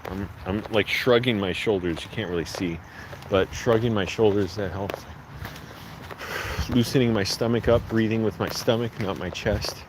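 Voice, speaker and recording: A man with a lowish voice rambles to the camera as he strolls along outdoor streets. Passing traffic and street noise come through clearly behind him on this handheld walking vlog. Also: normal speed. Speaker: vlogger.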